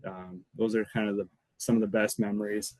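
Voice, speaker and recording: A former college football lineman, guesting on a podcast, tells casual, rambling stories and laughs between anecdotes. His voice is on the low side and a little mellow, with a flat delivery at a fairly quick pace. The recording has no echo but poor audio.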